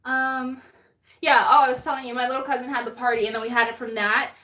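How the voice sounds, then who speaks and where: A woman's voice: high-pitched, level tone, quick pace, pushed and bright. A young woman hosting a live stream, chatting casually, laughing often and reading viewer comments, a bit out of breath.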